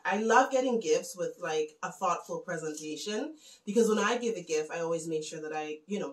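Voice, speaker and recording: A woman in her thirties from the West Indies, chatting casually and warmly gushing to viewers as she shows her Christmas gifts. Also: medium pitch, roomy sound, rough recording. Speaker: home vlogger. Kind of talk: casual gift show-and-tell.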